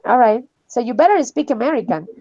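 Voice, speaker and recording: A woman's voice: fairly high pitch, very animated, brisk, mellow, no room sound, muffled recording. A woman teaching an English class online, encouraging her students and laughing often.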